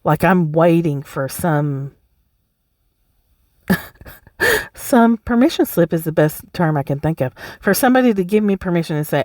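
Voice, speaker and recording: A woman's voice: fairly low pitch, normal speed, a little mellow, no echo, clean studio sound. Blunt, profane woman podcaster. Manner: blunt, profane, emphatic, laughs often. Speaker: podcast host. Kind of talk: casual solo podcast talk.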